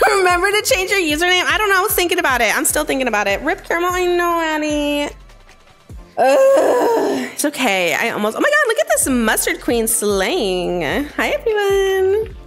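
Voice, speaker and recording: A woman streaming a game live, chatting with viewers in a bubbly, excitable way and breaking into sudden squeals. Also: very high-pitched, a little fast. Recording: faint game music behind.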